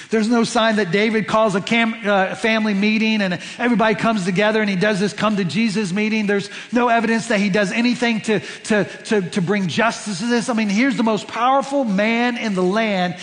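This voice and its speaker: A man's voice: sits high, a bit bright, big-room sound. A man preaching a sermon as pastor, stressing points by repeating words and restarting phrases. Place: church sanctuary.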